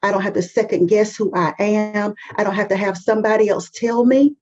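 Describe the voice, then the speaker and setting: A woman's voice: medium pitch, steady tone, brisk, darkish tone, highs cut off. A woman, a guest on an interview show, speaking with fervent, emphatic conviction and repeating phrases for effect. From North Carolina, US. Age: 50s. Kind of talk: podcast interview.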